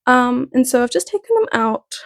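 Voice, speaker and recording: A young woman chatting casually through a hair tutorial, upbeat and full of fillers, her voice still rough from just waking up. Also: high voice, big pitch swings, normal speed. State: morning voice, just woken.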